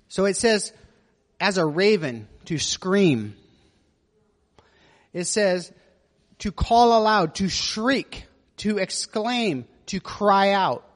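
A man's voice: high voice, lively intonation, slow pace, long pauses, long reverb tail. A man pastor teaching a sermon in a conversational way, with asides and rhetorical questions to the congregation.

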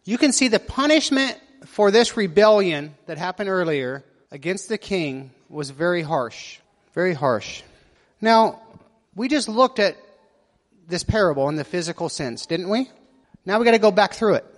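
A man's voice: high-pitched, lively intonation, normal speed, big-room sound. A man preaching a sermon, reading scripture aloud and asking his listeners questions as he explains it. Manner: asks the listeners questions, reads verses with voiced quotes.

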